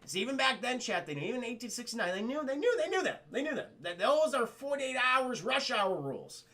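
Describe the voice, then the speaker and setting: A man streaming a rambling, profane scene-by-scene film recap to his chat, acting out lines in quick impressions. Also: very high voice, sing-song, bright, forceful tone. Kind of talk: casual profane movie recap.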